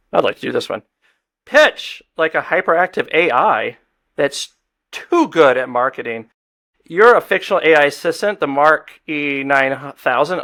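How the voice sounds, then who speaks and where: A man's voice: a little high, a bit bright. Wisecracking man hosting a comedy game show. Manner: wisecracking, reads prompts aloud. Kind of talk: joking podcast game show banter.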